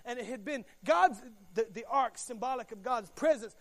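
A man preaching a sermon, emphatic and repetitive, swinging from hushed to shouting. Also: very high voice, animated, normal speed. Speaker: pastor.

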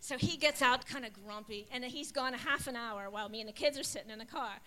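Pastor's wife giving a sermon, high and sharp-voiced, animated storyteller. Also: female voice, quick pace. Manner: animated, storytelling with acted-out dialogue. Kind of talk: sermon with personal stories.

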